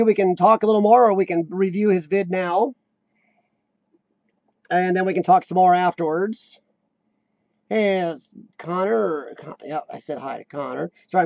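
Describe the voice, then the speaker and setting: A man's voice: sits high, a little mellow, no room sound. An American man hosting a casual live stream, chatting loosely with viewers and reading their comments aloud. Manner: chatty, rambling, reads chat aloud.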